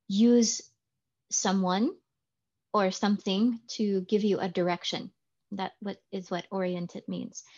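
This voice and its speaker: A woman's voice: medium pitch, darkish tone. Chatty Californian woman teacher, dull audio. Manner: chatty, explains with examples and jokes. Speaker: English pronunciation teacher. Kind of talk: casual chat.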